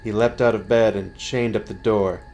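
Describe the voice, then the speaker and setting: A man reading a scary story aloud, slow and building suspense. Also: fairly low pitch, steady tone, darkish tone, dull audio, a little hiss or hum.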